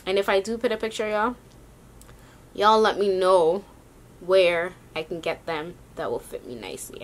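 A woman's voice: lowish voice, moderate pace. A young woman casually vlogging a sneaker haul, chatty and rambling, talking to her viewers and short of breath. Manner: chatty, addresses viewers as y'all, rambling asides.

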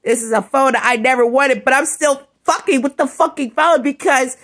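A woman vlogger in an angry, rambling rant, swearing constantly and often breaking into shouts. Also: sits high, steady tone, normal speed. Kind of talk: ranting vlog monologue.

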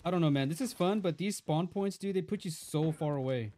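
A man's voice: on the high side, a little fast, dark tone, a little hiss or hum. A man live-streaming a mobile shooter, chatting casually and reacting to the match, calling everyone dude and bro. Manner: laid-back, peppers talk with "dude" and "bro". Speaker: game streamer.

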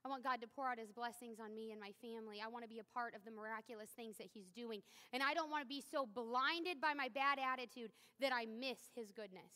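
A high-voiced woman in her thirties delivers a conversational sermon, candid and quick to poke fun at herself. Her tone is bright and forward, and long church reverb trails each phrase. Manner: candid, self-deprecating, conversational. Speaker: preacher. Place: church sanctuary.

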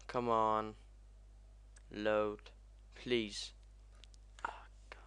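Young male let's-player, slow unhurried delivery with sudden cursing yelps over a crash, keyboard clicking behind. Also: fairly low pitch, clean tone. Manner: excitable, swears a lot, yelps at crashes. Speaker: gaming commentator. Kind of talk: let's play commentary.

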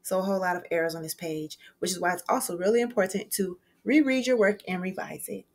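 A woman's voice: fairly low pitch, steady tone, fast. A woman teacher giving a recorded writing lesson in a friendly, conversational way, explaining step by step.

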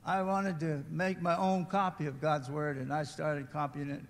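A man's voice: a little high, little pitch movement, moderate pace, big-room sound. A man in his seventies from West Virginia, telling a folksy, humorous testimony at a church service. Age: 70s. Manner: homespun, humorous storytelling. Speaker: missionary. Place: church sanctuary.

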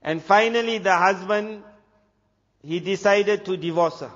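A man from South Africa, a preacher telling a story in an animated way, dropping to a hush for the dramatic moments. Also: high-pitched, measured pace. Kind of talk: storytelling talk. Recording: dull lo-fi recording with long hall reverb.

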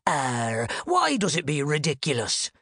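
A man doing a growling soft-hearted pirate with a hook hand. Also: fairly high pitch, huge pitch swings, unhurried, breathy edge, no room sound, clean studio sound, voice pushed down, heavily acted. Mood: fretful. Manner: growls "arr" before every line, fussy and worried.

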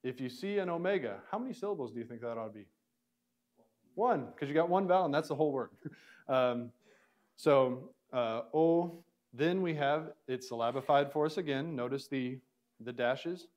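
A man teaching a classroom lesson, slowly sounding out words syllable by syllable and putting questions to his students. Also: mid-range voice, lively intonation, a little mellow.

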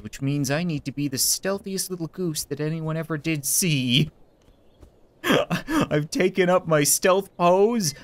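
A young man giving playful let's-play commentary, goofy and giggly, often talking to the game characters in mock-polite asides. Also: on the high side. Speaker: gameplay commentator.

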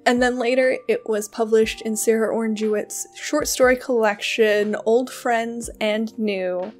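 A woman's voice: a little high, a little mellow. A woman hosting a book channel, talking casually about a short story, chatty and full of fillers and self-corrections. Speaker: host of a book reading channel. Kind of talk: casual spoken literary discussion.

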